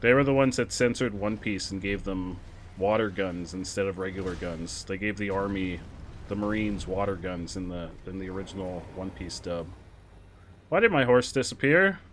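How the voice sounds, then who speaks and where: A young adult man streaming a game, chatting casually with sudden excited outbursts. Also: sits low, normal speed, a little hiss or hum. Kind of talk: casual gameplay commentary.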